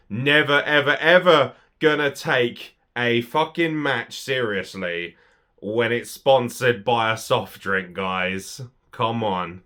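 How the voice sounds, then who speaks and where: A British man hosting a wrestling review, talking bluntly and sarcastically with lots of swearing. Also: fairly bright tone. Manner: blunt, sweary, sarcastic, big swings in pitch and volume. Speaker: wrestling reviewer and podcast host. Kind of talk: casual opinionated review.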